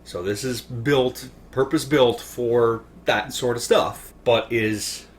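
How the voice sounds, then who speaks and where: A man's voice: mid-range voice, takes it slowly, slight background noise. A man hosting a casual podcast, telling a story with animation and laughing at his own punchlines. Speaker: podcast host.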